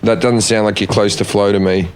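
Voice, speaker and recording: A man's voice: lowish voice, little pitch movement, fairly quick, slight background noise. An Australian man hosting a podcast, needling his guests with blunt, crude questions. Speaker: podcast host. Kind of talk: crude banter.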